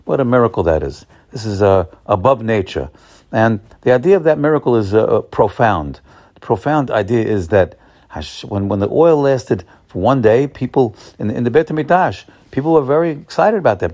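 Rabbi preaching a holiday sermon: a man with a mid-range voice, halting and filler-heavy, who rises to fervent emphasis. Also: medium pitch. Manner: halting, many fillers, builds to excited emphasis.

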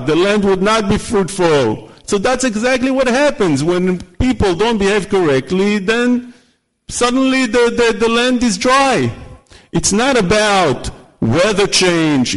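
Man, high voice, rabbi giving a Torah class, emphatic, rattles off quick Hebrew quotes. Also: poor audio. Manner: mixes in rapid Hebrew quotations; emphatic, repeats words for stress. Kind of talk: Torah lecture.

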